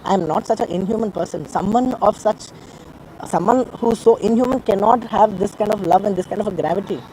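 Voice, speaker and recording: Guy at a press meet, earnest and emotional, talks fast, repeats himself a lot. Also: high-pitched, mellow, slight background noise, rough recording. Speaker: film actor at a press meet. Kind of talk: press conference statement.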